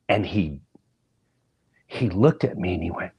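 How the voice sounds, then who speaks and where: A man hosting a podcast, telling a personal story in an animated monologue, acting out voices and often dropping into a whisper. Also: sits low, unhurried, long pauses, husky. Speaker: podcast host.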